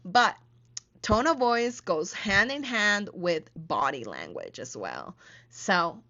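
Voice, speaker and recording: Woman host, bright voice, unhurried, slightly dull lo-fi recording, emphatic teaching monologue. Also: on the low side. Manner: animated and emphatic, with playful asides. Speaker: podcast host and event coach.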